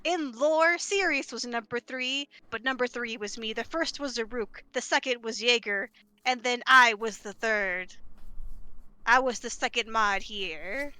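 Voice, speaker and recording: Bright, nasal woman chatting on stream. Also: a little high, a little slow, clean tone, no echo. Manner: chatty, joking, animated. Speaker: streamer, co-host. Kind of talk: casual gaming chat.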